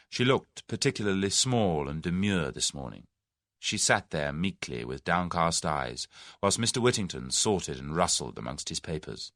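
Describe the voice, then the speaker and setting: A man narrating a classic mystery novel in a measured, expressive way. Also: low-pitched, no room sound, clean studio sound. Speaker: audiobook narrator. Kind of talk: scripted narration.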